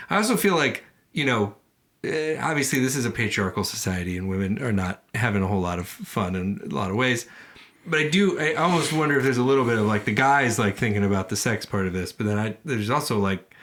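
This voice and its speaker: A man's voice: mid-range voice, a bit bright. A man co-hosting a podcast, chatting casually about scripture with rambling jokes and playful quoted voices. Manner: rambling, joking asides, jumps into silly quoted voices. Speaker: podcast co-host. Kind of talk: casual comedic Bible discussion.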